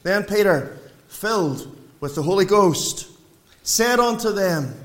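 A man with a high voice delivers a sermon in a church. He swings from raised, emphatic lines down to hushed, low passages. The room around him is echoey. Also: expressive, takes it slowly. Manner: preaching with wide swings in pitch and loudness. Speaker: preacher.

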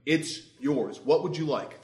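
A man's voice: fairly high pitch, measured pace, a little mellow, natural voice. A preacher voicing a breezy, offhand ancient king. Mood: generous. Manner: breezy, offhand, modern slang. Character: jovial generous ancient Persian king. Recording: roomy echo.

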